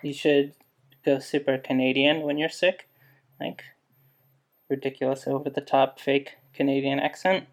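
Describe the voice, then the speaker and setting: A man's voice: mid-range voice, level tone, moderate pace, pauses often. Dry-humored podcast host, a man. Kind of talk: casual chat.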